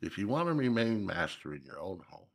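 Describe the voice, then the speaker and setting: A man's voice: low-pitched, sing-song, fairly quick. A man from Minnesota, a guest telling stories in a casual interview, reflective and folksy with emphatic repeats.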